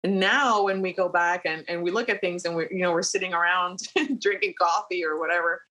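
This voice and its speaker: A woman airline captain, a podcast guest, telling a personal story in a relaxed conversational way with many fillers. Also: on the low side, a little fast. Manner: animated retelling with frequent fillers and laughs.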